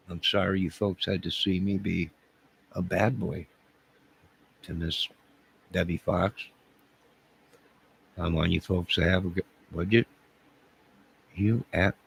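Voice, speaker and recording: Comedy character: man playing a lonely bumbling loser, deep gravelly voice, stammering and boastful, with faint noise behind. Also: exaggerated voice. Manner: rambling, stammering, swings between bragging and apologizing. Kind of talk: comedic character monologue to camera.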